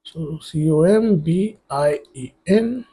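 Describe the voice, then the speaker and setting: A man's voice: on the high side, expressive, slow pace, warm tone, husky. A man teaching a French grammar lesson for exam prep, explaining step by step as he writes on a board and spelling words out letter by letter. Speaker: French tutor.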